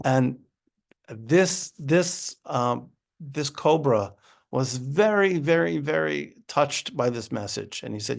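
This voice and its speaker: A man's voice: medium pitch, a little slow, gravelly. A man leading an informal text study class, speaking conversationally with wry asides and thinking aloud as he goes. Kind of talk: informal lesson.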